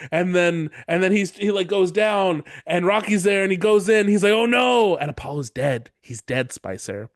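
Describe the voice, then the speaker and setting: A man co-hosting a casual podcast, excitedly retelling a movie plot and acting out its lines with frequent laughter. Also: high-pitched, no room sound, studio quality. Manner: excitable storyteller, acts out lines, laughs often. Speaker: podcast co-host.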